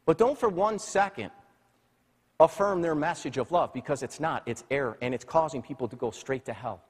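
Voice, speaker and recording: A man's voice: moderate pace, slightly rough. Preaching man in a reverberant hall. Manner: swings from soft, low passages to loud, high-pitched preaching. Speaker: pastor. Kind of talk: sermon.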